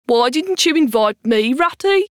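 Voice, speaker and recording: A woman's voice: high-pitched, expressive, a little slow, no echo, studio quality. A woman voicing a breezy, sociable male otter in a storybook reading. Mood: jovial.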